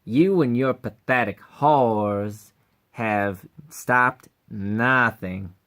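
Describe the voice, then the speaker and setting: A man doing a slow-drawling jerk of a scientist. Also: medium pitch, fairly bright tone. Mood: contemptuous. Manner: slow, lazy drawl with heavy contempt. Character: arrogant, vulgar male scientist, a backstabbing jerk. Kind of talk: amateur voice acting audition.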